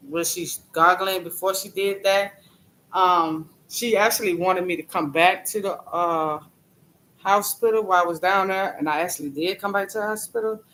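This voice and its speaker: A man chatting on a live stream, telling a story haltingly, repeating phrases and greeting viewers by name. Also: high voice, pushed and bright, low-quality recording. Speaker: livestreamer. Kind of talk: casual live-stream talk.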